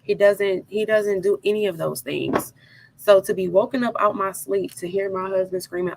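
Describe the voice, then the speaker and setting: A woman tells a story in a casual, dramatic way while she crafts, speaking straight to her viewers. Her voice sits at an ordinary pitch with a lot of gravelly fry. A faint hum of room noise runs underneath. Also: normal speed, pauses often. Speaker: crafting channel host.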